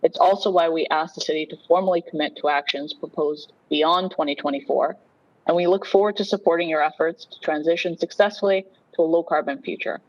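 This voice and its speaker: A woman reading a prepared statement to a council committee in a measured, formal way over a remote video call. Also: deep voice, steady tone, dull audio. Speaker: delegate from an advocacy group.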